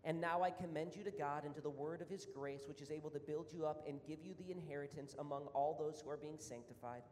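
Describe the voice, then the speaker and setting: A man's voice: on the high side, fairly even intonation, fast, darkish tone. An earnest male pastor delivering a sermon with a slightly raised voice. He builds to emphatic, repeated points and sounds a little out of breath. A long hall reverb trails his words, with a faint hum beneath. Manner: earnest, rising to emphatic repetition.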